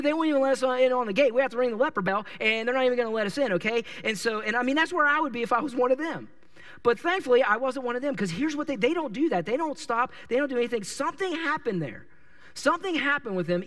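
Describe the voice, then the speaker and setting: High-voiced animated male pastor, distant mic. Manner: animated storytelling, acts out characters and yells their lines. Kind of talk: sermon.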